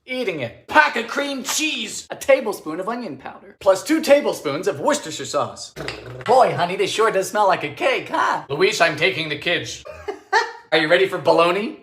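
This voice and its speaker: A man hosting a baking video, narrating in a theatrical, sardonic way with sudden high-pitched exclamations, in a home kitchen. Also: very animated, normal speed, a bit bright, slight background noise. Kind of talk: comedic cooking narration. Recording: echoey room sound.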